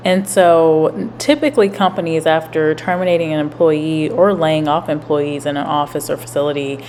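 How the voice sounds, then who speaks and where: Low-voiced woman giving calm commentary. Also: a little hiss or hum. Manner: measured, explanatory. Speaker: commentary host. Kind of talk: reaction commentary.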